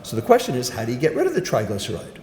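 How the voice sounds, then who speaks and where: A man's voice: medium pitch, wildly swooping pitch, very fast, darkish tone. Older man, medical lecturer, emphatic, self-answering questions, roomy hall echo. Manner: emphatic, punchy, asks and answers his own questions. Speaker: physician giving a grand rounds lecture.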